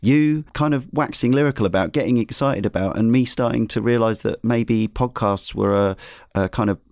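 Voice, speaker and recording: A man's voice: medium pitch, moderate pace, a little mellow, no room sound, clean studio sound. A man hosting a casual podcast chat, rambling with fillers and restarts. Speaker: podcast host.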